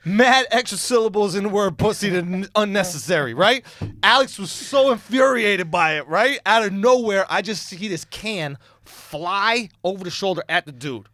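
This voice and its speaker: A man in his thirties telling a long story on a podcast, animated and laughing, jumping between low asides and high excited bursts. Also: dry recording. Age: 30s. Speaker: podcast co-host.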